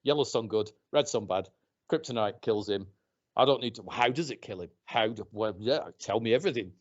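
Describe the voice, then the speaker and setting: A man hosting a casual podcast chat, animated, mocking others by putting on voices. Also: on the low side, brisk. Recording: dull lo-fi podcast audio.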